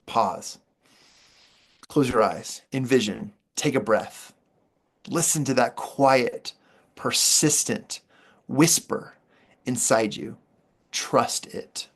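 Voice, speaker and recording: A man coaching his viewers through a motivational training session, his voice sitting a little higher than most men's. He keeps it playful and jokey, and he leans on dramatic pauses to drive each point home. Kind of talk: motivational training talk to camera.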